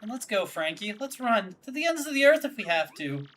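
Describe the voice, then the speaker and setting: A woman voicing a lovestruck young female creature in a video game, pleading in a high, melodramatic way. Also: very animated, brisk, fairly bright tone.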